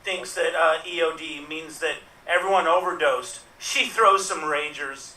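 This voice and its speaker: High bright man improviser, echoey room. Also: measured pace. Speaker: improv player. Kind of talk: improv comedy on a video call. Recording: echoey room, distant mic.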